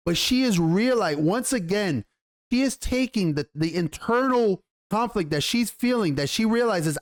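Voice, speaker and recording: A man giving a casual, excited review of a TV episode, rambling and swearing casually as he goes. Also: sits high, moderate pace. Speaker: TV show reviewer.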